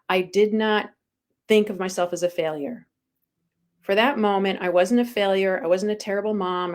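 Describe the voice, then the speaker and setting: A woman guest speaks candidly, a spiritual coach recounting her own past in an unpolished, conversational way. She pokes fun at herself and fills pauses with ums. Her pitch sits in a typical middle range. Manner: frank and self-deprecating, with frequent ums. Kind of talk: candid personal storytelling.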